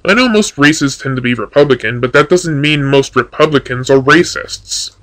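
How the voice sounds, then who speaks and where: A man's voice: medium pitch, moderate pace, fairly bright tone, slight background noise, rough recording. A man giving casual commentary on a video, answering its claims in a dry, sarcastic way. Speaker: YouTube commentator.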